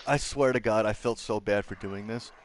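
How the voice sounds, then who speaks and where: A man's voice: on the low side, normal speed, slight background noise. Young man telling crude school stories. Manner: profane, acts out quotes of teachers. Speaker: channel host. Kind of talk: casual storytelling with friends.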